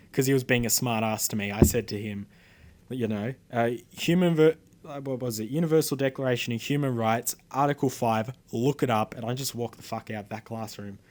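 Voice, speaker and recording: Indignant Australian teenage boy ranting. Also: medium pitch. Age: teens. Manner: indignant, rambling, lots of fillers and swearing. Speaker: vlogger. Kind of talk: casual storytelling to camera.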